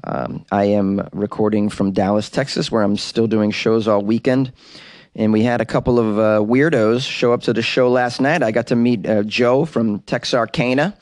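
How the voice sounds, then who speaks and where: A man's voice: on the low side, fairly even intonation, normal speed, darkish tone, dry recording, studio quality. A man, a comedian, hosting his podcast in a chatty, upbeat, rambling monologue.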